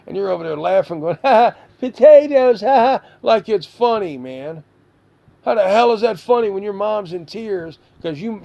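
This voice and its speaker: A man's voice: high voice, creaky, darkish tone. A man giving a stern, exasperated lecture to a child, full of rhetorical questions. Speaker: stepfather figure scolding a child.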